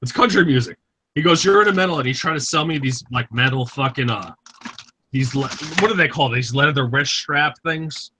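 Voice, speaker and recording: A man's voice: mid-range voice, moderate pace, background noise. A man casually telling rambling, profane stories on an online group call, acting out the dialogue. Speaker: host.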